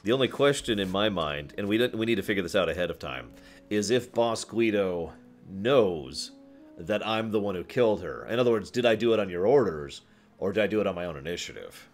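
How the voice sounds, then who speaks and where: Lively low-voiced man at a game table. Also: brisk, faint music behind. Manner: thinks aloud with many restarts. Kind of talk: casual game table talk.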